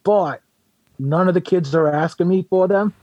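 An easygoing Santa Claus, played by a man, answers questions in a Boston accent. His voice sits slightly high and sounds close and dry. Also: moderate pace, a little mellow, no echo, muffled recording. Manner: easygoing, agreeable, short replies. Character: jolly male Santa Claus guest. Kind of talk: improvised comedic interview.

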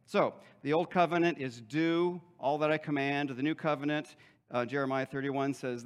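A man's voice: a little high, steady tone, moderate pace, smooth. Conversational male pastor preaching. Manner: conversational, joking asides, frequent "okay?" checks. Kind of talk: sermon.

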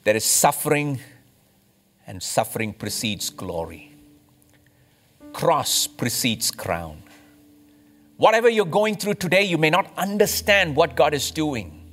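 A man from India, a pastor, preaching a sermon with emphatic rises and slow, stressed phrases. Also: a little high, very animated, fairly bright tone, faint music behind.

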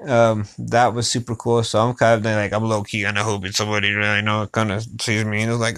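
A man's voice: mid-range voice, little pitch movement, quick pace, a bit bright, smooth. A young man hosting a podcast, chatting casually in a rambling way with lots of swearing and filler phrases. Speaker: podcast host. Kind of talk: casual chat.

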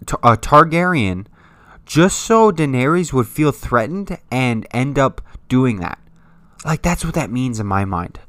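A man's voice: mid-range voice, fairly bright tone, dry recording. A young man in a heated, exasperated monologue, swearing and throwing sarcastic jabs as he rants. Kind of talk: ranting monologue.

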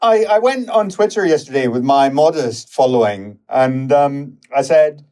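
A man's voice: mid-range voice, lively intonation, unhurried, a little mellow. A man hosting an interview, talking casually and hesitantly, repeating words as he sets up questions.

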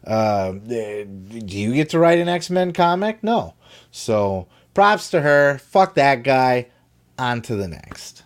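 A man hosting a wrestling podcast, talking in a blunt, profane, animated way. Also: medium pitch, slow pace. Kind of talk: casual opinionated commentary.

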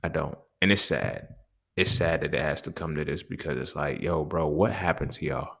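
A young man with an extremely low voice, vocal fry and a slightly bright edge speaks at a moderate pace. Hosting a casual solo podcast, he launches into a heated, profane, exasperated rant.

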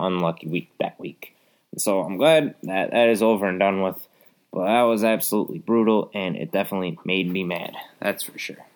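Young man, podcast host, low voice, exasperated, rambling, casual rant. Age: young adult. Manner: exasperated, rambling, many fillers.

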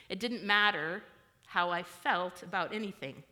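Woman, church speaker, candid personal sermon, self-deprecating, crisp bright tone. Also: medium pitch, measured pace, big-room sound. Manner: frank, conversational, self-deprecating.

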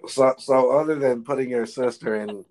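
A woman interviewer asking brief, halting questions. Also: a bass voice, a little mellow.

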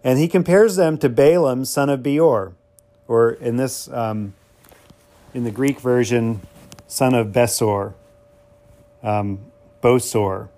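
A man's voice: mid-range voice, slow pace, long pauses, mellow. A man teaching through a Bible passage on a podcast, musing and hesitant with many ums and wry asides.

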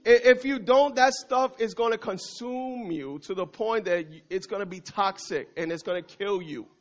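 A man's voice: sits high, moderate pace. A male pastor preaching a sermon, emphatic and repetitive, calling out to the congregation. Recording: dull lo-fi recording.

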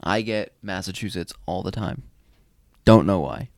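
Gravelly low-voiced young man. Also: measured pace, dry recording, studio quality. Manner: animated, teasing, swears freely. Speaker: podcast co-host. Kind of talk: casual chat.

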